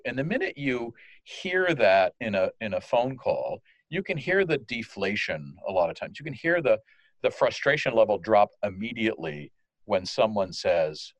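Animated French-born man explaining. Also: lowish voice, normal speed, dry recording. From France. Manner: animated, explanatory, acts out quoted phrases. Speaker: guest, customer service manager. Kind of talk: conversational interview.

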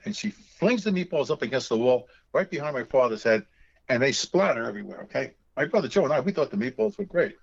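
A man, a guest author, telling family anecdotes in an animated way and acting out the voices of relatives. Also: mid-range voice, fairly quick, creaky, slightly rough, lo-fi sound.

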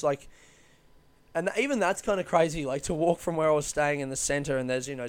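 A man's voice: mid-range voice, smooth, dry recording. Sweary man rambling through a travel story. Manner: loose, sweary, rambling with many fillers and self-corrections. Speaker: comedian telling a travel story. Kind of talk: casual storytelling monologue.

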